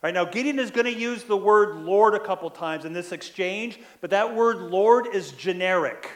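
High-voiced preacher peppering "right?". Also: male voice, normal speed, roomy sound. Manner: frequent "right?" tag questions, acts out quoted lines. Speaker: pastor. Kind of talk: sermon.

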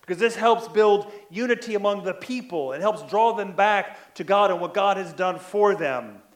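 Male pastor, high voice, conversational sermon, habitual "right?" tags. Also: normal speed, reverberant. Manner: frequent "right?" tag questions, acts out quoted lines.

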